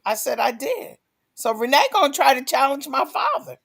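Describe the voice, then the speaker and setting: High-voiced woman recalling family stories. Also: big pitch swings, a little fast, vocal fry, fairly bright tone. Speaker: podcast guest sharing family memories. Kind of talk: casual conversation. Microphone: video call.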